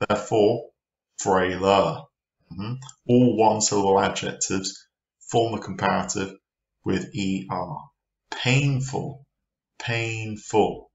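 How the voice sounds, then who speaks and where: Man, english teacher, grammar lesson, slow delivery, asks viewers questions, roomy echo, muffled sound. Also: fairly low pitch.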